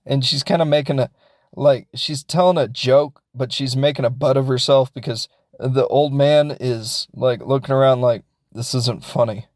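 A man's voice: medium pitch, steady tone, moderate pace, a little mellow, no room sound, studio quality. Rambling, jokey man recapping a film. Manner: rambling, jokey, acts out characters. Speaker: film reviewer.

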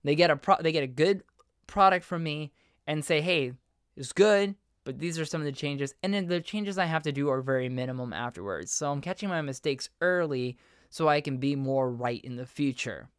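A man's voice: a little high, fairly quick, fairly bright tone, smooth, no echo, studio quality. A man hosting his own podcast, talking earnestly and rambling as he corrects himself mid-sentence. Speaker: podcast host and voiceover artist. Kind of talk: casual solo podcast monologue.

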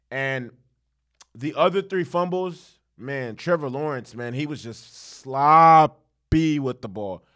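A young man giving a casual football recap that turns into a heated, profane rant, with many restarts and fillers. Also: mid-range voice. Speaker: sports commentator, football fan.

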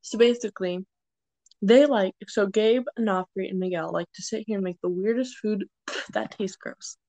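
A young woman telling rambling stories in casual chat, often breaking into loud impressions of her friends. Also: mid-range voice, moderate pace, dry recording, rough recording. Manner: chatty storytelling, rambling with fillers; shouts playful impressions of friends.

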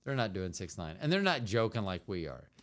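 A man from the United States co-hosting a relaxed couple's podcast. His voice is smooth and resonant, and his pitch rises and falls with a lively, animated bounce. He rambles freely, restarting and trailing off mid-thought. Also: fairly quick. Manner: rambling, meandering, trails off often. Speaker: podcast co-host. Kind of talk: casual chat.

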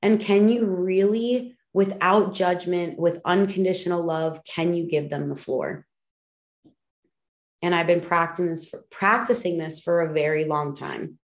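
Woman, podcast host, personal monologue, candid, emphatic, casual swearing, lowish voice. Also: fairly even intonation, a little slow.

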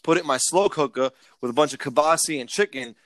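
A man's voice: on the high side, fast talker, a bit bright, no echo. A man in casual chat, ranting with lots of swearing and stammered restarts.

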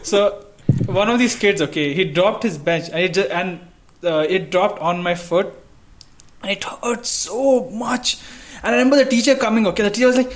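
A young man from India with a noticeably high voice tells childhood stories on a casual podcast. He talks in an animated way, often breaking into laughter as he goes. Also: moderate pace. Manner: animated storyteller, laughs while telling stories. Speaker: podcast co-host. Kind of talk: casual chat.

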